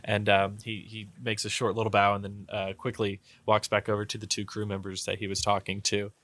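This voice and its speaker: A man's voice: lowish voice, monotone, brisk, fairly bright tone, no room sound. A man narrating as game master in a tabletop game, rambling with lots of fillers and restarts. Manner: rambling, hesitant, many fillers.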